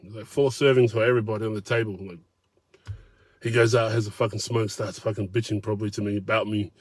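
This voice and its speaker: A man's voice: fairly low pitch, steady tone, fast, dry recording. A man telling a casual, profane story in a blunt, conversational way.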